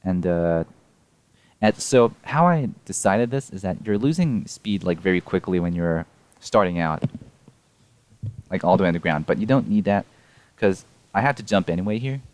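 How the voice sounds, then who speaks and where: A man's voice: low-pitched, animated, normal speed. A young man casually explaining his game run frame by frame, rambling and correcting himself with small laughs. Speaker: speedrun player explaining a tool-assisted run.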